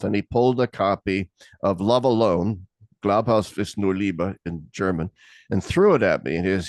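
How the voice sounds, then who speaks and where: A low-voiced man in his sixties hosts an interview. He talks earnestly and at length, often restarting his sentences, and his voice sounds dry and close. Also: moderate pace, no room sound. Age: 60s. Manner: discursive, earnest, with many restarts. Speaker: interview host. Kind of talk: conversational interview.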